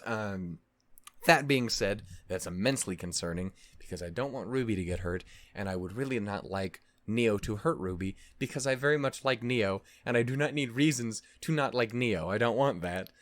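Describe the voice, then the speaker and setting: A man's voice: fairly low pitch, expressive, normal speed, dry recording. A man talking casually to the camera as a reaction host, rambling and swearing, restarting his sentences often. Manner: rambling, profane, frequent restarts and fillers. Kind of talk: casual commentary.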